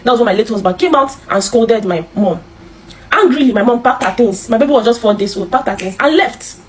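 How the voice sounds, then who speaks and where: A Nigerian woman telling her own life story in an interview, halting and repeating herself, with many restarts. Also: a little high, animated, poor audio. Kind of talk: emotional personal storytelling.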